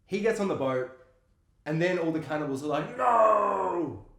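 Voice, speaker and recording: A man co-hosting a casual movie chat, animated and laughing often as he acts out scenes. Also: fairly high pitch, brisk. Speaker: podcast co-host. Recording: roomy echo.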